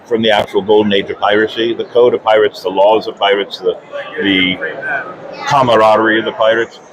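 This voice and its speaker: A man's voice: on the low side, level tone, brisk, rough recording. A man hosting a podcast, chatting in a folksy, joking way with a guest outdoors at a fan convention. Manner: folksy, chatty, tells corny pirate jokes. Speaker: podcast host. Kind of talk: casual interview chat. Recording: loud crowd noise at a convention.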